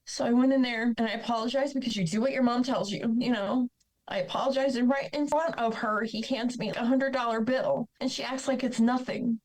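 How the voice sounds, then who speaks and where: A woman's voice: a little high, fairly even intonation, a little fast, a little mellow, rough recording. A woman speaking as a podcast guest, telling her own painful life story in a blunt, candid, emotional way. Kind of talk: personal storytelling.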